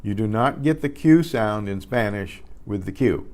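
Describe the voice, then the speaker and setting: An older man teaching beginner Spanish, patiently spelling out letters, repeating words and often clearing his throat. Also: lowish voice, lively intonation, normal speed, hardly any pauses, a little mellow. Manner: frequent throat clearing and self-corrections. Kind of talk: beginner language lesson.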